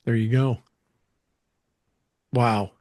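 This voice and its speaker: A man's voice: medium pitch, steady tone, drawn-out words, darkish tone, no echo, clean studio sound. A man hosting an interview, mostly giving short encouraging replies and leading the wrap-up. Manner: brief encouraging responses. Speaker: host.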